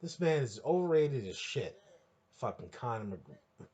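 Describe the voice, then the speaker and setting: A man hosting a podcast, ranting crudely and heatedly, rambling with restarts and sudden bursts of near-shouting. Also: medium pitch, big pitch swings, measured pace, husky. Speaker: podcast host. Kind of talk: profane solo rant.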